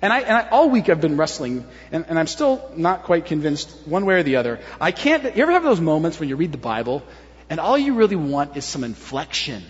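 A male pastor preaches in a high, animated voice that swings widely in pitch and slips into playful impressions of the crowd. The recording is muffled and a little lo-fi. A long reverb hangs in the church hall. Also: brisk. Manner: animated, acts out crowd voices, conversational asides. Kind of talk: sermon.

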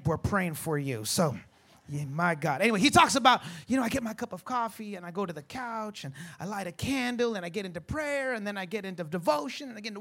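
Animated pastor with a high, bright voice. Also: male voice. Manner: animated storytelling with repeated words and playful asides. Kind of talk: sermon.

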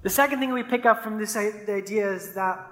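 A man's voice: sits high, a little fast, a bit bright. Man preaching in an echoey hall. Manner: conversational preaching with stories, frequent "right?". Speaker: pastor. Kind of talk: sermon.

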